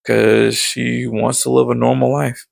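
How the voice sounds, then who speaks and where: Gravelly-voiced man rambling through a recap. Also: mid-range voice, measured pace, no room sound, low-quality recording. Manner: rambling, filler-heavy, leans on "basically" and "like"; excited storytelling with sound-effect words. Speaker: show recap vlogger. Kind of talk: casual episode recap.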